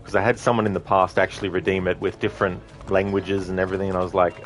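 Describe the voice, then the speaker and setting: A man streaming a game, chatting casually and warmly with viewers in a relaxed, rambling way. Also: low-pitched, racing, soft background music. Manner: relaxed, friendly, rambling with fillers. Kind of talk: casual chat with viewers over gameplay.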